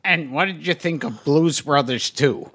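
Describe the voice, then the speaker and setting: A man interviewing a guest, asking questions with teasing, deadpan jokes. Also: on the high side, a little slow. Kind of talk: interview questions with joking asides.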